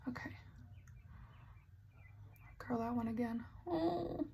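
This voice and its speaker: A woman talks through her makeup routine in a relaxed, unhurried way, chatty and quick to poke fun at herself when she trips over a word. Her voice sits a little high. A faint hiss runs under the recording. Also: creaky. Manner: chatty, self-mocking, stumbles over words. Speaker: beauty vlogger. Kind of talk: casual get-ready-with-me makeup tutorial.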